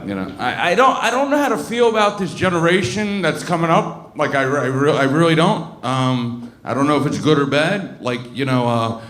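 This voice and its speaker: A man's voice: a little high, lively intonation, moderate pace, few pauses, fairly bright tone. Crude rambly stand-up guy in his 30s from baltimore, lots of uh and you know, roomy club sound. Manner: crude, rambling, many fillers and restarts. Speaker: stand-up comic. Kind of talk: stand-up comedy set. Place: comedy club stage.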